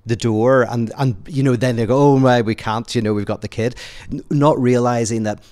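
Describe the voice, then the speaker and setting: A man with a Northern Irish accent talking through ideas on a podcast in a lively storytelling way, often laughing. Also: medium pitch, moderate pace. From Northern Ireland. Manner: animated storyteller, laughs as he talks. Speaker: podcast guest. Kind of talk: conversational podcast talk, telling a joke.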